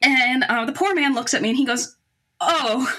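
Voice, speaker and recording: Bright high-voiced young woman telling a story. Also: a little fast. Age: young adult. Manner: animated, laughing, self-deprecating. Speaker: guest storyteller. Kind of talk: personal anecdote.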